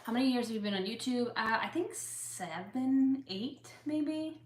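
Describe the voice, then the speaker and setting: A woman's voice: a little high, lively intonation, unhurried. A young woman with tics chats casually with her viewers, answering their questions with lots of fillers and open feeling. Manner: chatty, with fillers, openly emotional. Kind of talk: casual Q&A chat. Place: home room with a couch. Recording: echoey room.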